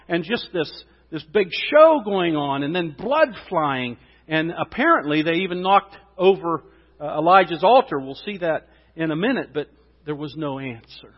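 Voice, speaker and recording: Delivering a sermon in church, a pastor whose voice is a bit higher than most men's speaks animatedly at a moderate pace. He shifts from quiet asides to loud, rising exclamations, and a long hall reverb rings through a slightly dull sound.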